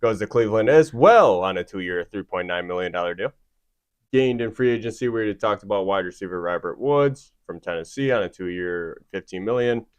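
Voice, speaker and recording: A man with a somewhat low voice hosts a loose football podcast with friends. He runs through player signings and chuckles between the figures. The sound is close and dry. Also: animated, brisk, clean tone, no echo. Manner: reads off stats with laughs. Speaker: podcast host. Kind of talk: casual sports chat.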